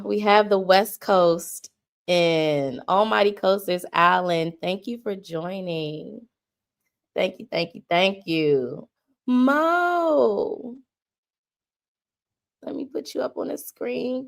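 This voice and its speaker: A woman's voice: medium pitch, lively intonation, slow, creaky. A woman hosting a livestream, giving a heartfelt mock-funeral tribute in a homey, sermon-like cadence. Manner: homey and emotional, slipping into churchy cadence. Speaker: livestream host.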